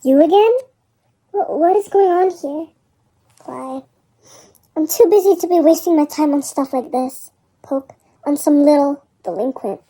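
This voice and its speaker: Woman playing a belittling vice principal, high and very dark-toned. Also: measured pace, pauses often, poor audio. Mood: scornful. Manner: scornful, belittling. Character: stern grumbling male vice principal.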